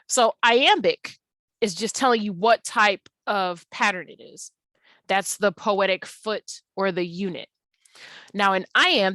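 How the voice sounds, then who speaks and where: A woman English tutor giving an online lesson, explaining patiently and stretching words out slowly to show how they sound. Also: mid-range voice, fairly bright tone, no echo.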